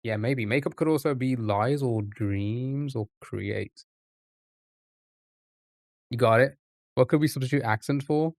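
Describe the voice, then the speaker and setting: A man streaming live, thinking aloud over a word puzzle with frequent pauses and restarts. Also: medium pitch, a little mellow, dry recording, studio quality. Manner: halting, restarts often, muses aloud.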